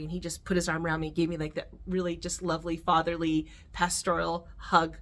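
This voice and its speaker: A woman's voice: lowish voice, level tone, brisk. A middle-aged woman telling a personal story in a vlog, earnest and emotional, with fillers and restarts. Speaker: vlogger.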